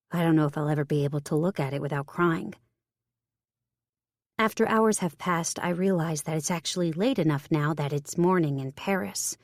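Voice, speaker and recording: Low-voiced woman narrating an audiobook. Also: darkish tone, dry recording, studio quality. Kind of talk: first-person audiobook narration.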